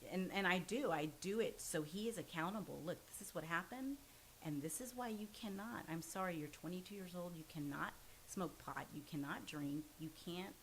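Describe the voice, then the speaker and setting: A woman's voice: lowish voice, moderate pace, a little hiss or hum, poor audio. A woman in her forties, a podcast guest, telling a personal story in an earnest, forthright way. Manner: earnest and forthright, self-described pushy. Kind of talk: candid storytelling in casual conversation.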